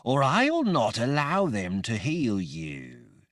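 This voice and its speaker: A man's voice: medium pitch, wildly swooping pitch, slow, fairly bright tone, no room sound, clean studio sound, pitched above the performer's own voice, heavily acted. A man voicing a cruel sorceress woman, possessed by a tyrant, speaking in a cold, menacing way.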